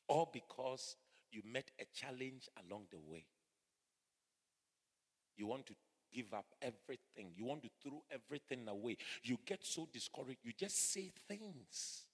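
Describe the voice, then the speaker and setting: A middle-aged man preaching a sermon, swinging from hushed asides to fervent shouting. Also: mid-range voice, animated, normal speed, long pauses, husky, long reverb tail. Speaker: pastor. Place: church hall.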